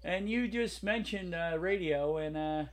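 A man co-hosting a podcast in casual chat, blunt and joking, getting loud when riled. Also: high voice, measured pace. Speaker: podcast co-host.

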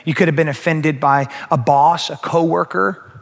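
Animated pastor preaching in an echoing hall. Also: male voice, fairly high pitch, normal speed, gravelly. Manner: animated, acts out quoted voices, addresses the crowd directly. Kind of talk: sermon. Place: church sanctuary. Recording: long reverb of a large hall.

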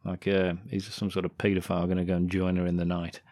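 A man co-hosting a podcast, retelling a film with sarcasm and plenty of swearing. His voice sits on the low side. The sound is dry and close. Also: completely flat delivery, quick pace, darkish tone, dry recording. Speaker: podcast co-host. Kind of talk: casual film-recap chat.

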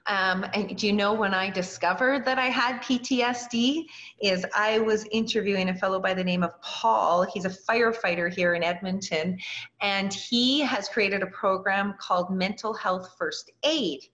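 A woman's voice: mid-range voice, normal speed, a bit bright. A woman, a guest in an interview, telling a personal story earnestly and acting out the voices of the people she quotes. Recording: dull lo-fi recording.

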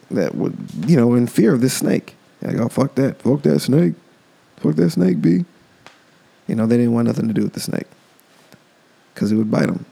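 Gravelly, dark-voiced man. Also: lowish voice. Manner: rambling, loose, cursing. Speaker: podcast host. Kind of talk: casual solo monologue.

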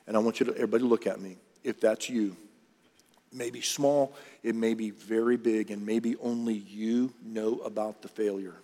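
A man's voice: fairly low pitch, steady tone, moderate pace, warm tone. A man preaching a sermon, in a conversational, earnest style that often restarts and talks straight to the congregation. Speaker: pastor. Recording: long reverb of a large hall.

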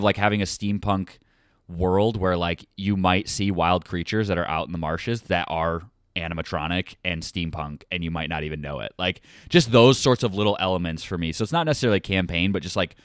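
A man in casual podcast chat, talking excitedly about his tabletop gaming gear. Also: low-pitched, clean tone, no room sound, studio quality. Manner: excited, enthusiastic. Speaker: podcast co-host.

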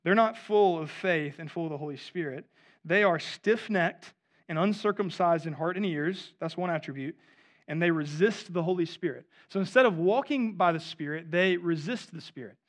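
A man in his thirties, a pastor, preaches at a normal speed in a voice that's a little high. His style is conversational, and he regularly asks listeners "right?"

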